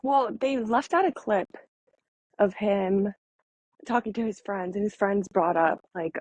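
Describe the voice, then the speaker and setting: A woman's voice: mid-range voice, measured pace, darkish tone, dry recording, lo-fi sound. A woman co-hosting a casual podcast chat about reality TV, agreeable with skeptical asides. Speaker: podcast co-host.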